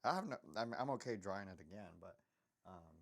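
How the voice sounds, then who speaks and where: A man's voice: low voice, lively intonation, fairly quick, creaky. A man chatting casually while drawing on a live stream, rambling and self-deprecating, often trailing off into mutters.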